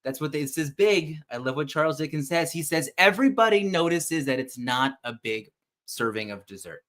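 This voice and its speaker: A man hosting a casual live show, retelling a favorite story in an animated, chatty way with some offhand swearing. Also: on the high side, brisk. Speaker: podcast host.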